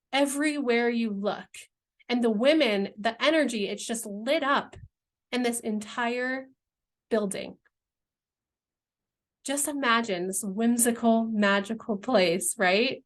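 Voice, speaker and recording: A woman, earnestly describing her business dream in a heartfelt, rambling vlog, searching for words and near tears at times. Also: on the high side. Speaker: entrepreneur presenting her brand vision. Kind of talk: emotional, heartfelt vlog pitch.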